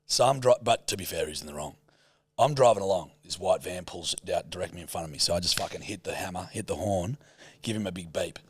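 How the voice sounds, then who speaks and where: A podcast co-host animatedly retells a road rage incident in casual conversation, swearing heavily. His low voice moves quickly with a breathy edge, and the recording is dry.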